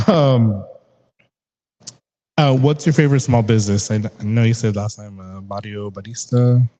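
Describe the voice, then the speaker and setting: A man's voice: lowish voice, unhurried, long pauses, mellow, rough recording. A young man hosting a casual interview, chatty and rambling, laughing often. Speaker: podcast host.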